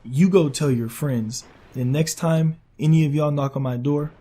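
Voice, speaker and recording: A man voicing an angry grown male neighbor who threatens in a low, slow, quiet voice. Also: natural voice. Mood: menacing.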